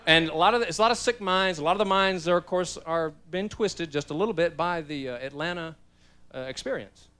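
A man's voice: a little high, fairly quick, sharp tone, smooth. A man doing stand-up comedy as emcee in a club, telling folksy stories about his father.

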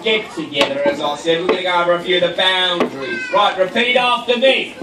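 Man playing a jolly Aussie shark, high voice, put-on Australian accent, hearty, far-off echoey room with crowd. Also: brisk, very noisy, close to an everyday voice. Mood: jovial. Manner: hearty, says mate constantly. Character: friendly blustery male shark, Aussie bloke.

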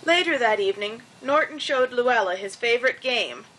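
A woman reading a children's story aloud with gentle storybook narration. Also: on the high side, lively intonation, moderate pace, a little hiss or hum, poor audio.

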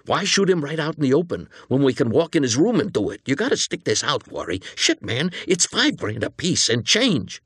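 In an audiobook reading, a man heavily acts the part of a nervous young male hitman partner, pitching his slightly rough, fairly bright voice above his natural register. Very animated, he talks fast and pleads earnestly in a nervous tone. The studio-quality recording has no room sound.

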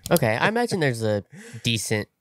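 A man's voice: mid-range voice, big pitch swings, a little fast, a bit bright, no echo. A man co-hosting a casual comic review podcast, tossing in wry, dry quips. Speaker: podcast co-host.

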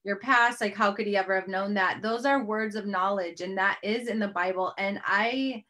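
A woman's voice: mid-range voice, moderate pace, sharp tone. A middle-aged woman hosting a faith-based interview, talking earnestly and rambling a little with restarts and fillers. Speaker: host.

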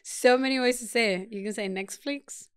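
A woman's voice: on the high side, normal speed, smooth. A woman co-hosting a casual studio chat, playful and laughing often as she teasingly insists on her point. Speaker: podcast co-host.

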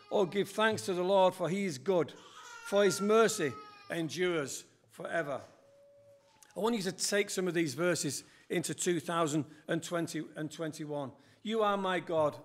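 In a church, an older preacher with a notably high voice gives an earnest sermon, quoting scripture and building his emphasis as he continues.

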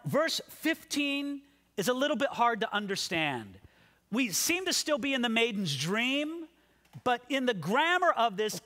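Male pastor with a high voice, animated sermon delivery, long hall reverb. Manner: animated, acts out quoted voices. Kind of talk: expository sermon.

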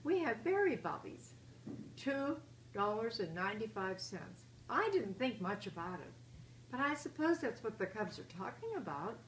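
A woman's voice: medium pitch, very animated, normal speed, echoey room, far from the mic, a little hiss or hum, lightly acted, poor audio. A woman reading as a mild mother bear.

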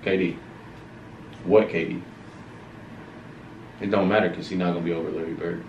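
A man's voice: low-pitched, little pitch movement, moderate pace, highs cut off, a little hiss or hum. A man arguing stubbornly and dismissively with his brother in a casual chat. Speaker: host's younger brother. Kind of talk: casual argument. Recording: echoey room, mic far off.

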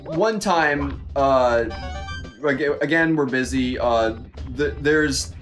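A young man co-hosting a podcast, telling a work story in a casual, animated and exasperated way. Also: medium pitch, slow, soft background music. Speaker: podcast co-host.

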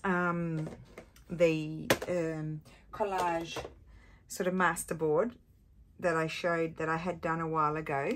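A woman's voice: sits low, little pitch movement, normal speed, fairly bright tone, a little hiss or hum. A woman hosting a casual craft tutorial, thinking aloud with many ums while she has the hiccups.

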